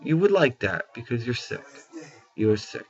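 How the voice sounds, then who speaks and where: Faint music plays behind a very animated man with a mid-range voice who talks at a measured pace. Facing the camera, he rants angrily and profanely, bluntly circling back to the same points and adding "okay?" or "you know". The audio is dull and lo-fi.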